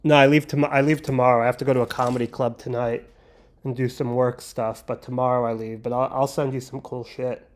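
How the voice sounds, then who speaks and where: A man's voice: mid-range voice, little pitch movement, fairly quick. A man hosting a livestream, chatting casually and joking while he builds. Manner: rambling, joking, talks while handling pieces. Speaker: livestream host.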